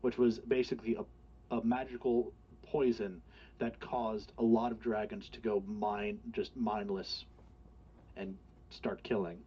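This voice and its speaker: A man narrating as game master, halting with fillers and restarts. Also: lowish voice, little pitch movement, breathy edge. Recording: dull lo-fi home mic.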